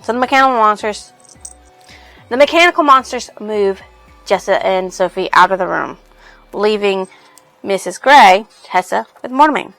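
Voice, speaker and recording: A woman's voice: mid-range voice, lively intonation, normal speed, long pauses, a bit bright, soft background music. A woman reviewing a book on her channel, casually retelling its plot in a rambling way full of fillers.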